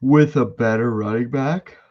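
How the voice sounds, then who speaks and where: A man's voice: mid-range voice, a little slow, lo-fi sound. A young man co-hosting a podcast, chatting casually with laid-back, rambling asides. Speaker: podcast co-host. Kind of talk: casual chat.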